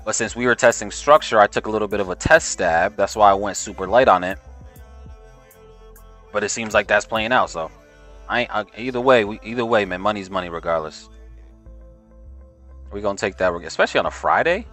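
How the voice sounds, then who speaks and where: A man's voice: on the low side, brisk, long pauses, fairly bright tone. A man giving casual, slangy live trading stream commentary and talking to his chat. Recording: faint music behind voice.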